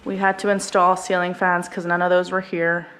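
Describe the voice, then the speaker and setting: A woman's voice: on the low side, level tone, normal speed, a bit bright, a little hiss or hum. A woman family vlogger giving a chatty, casual tour of her house and explaining each room. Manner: chatty, explaining as she walks.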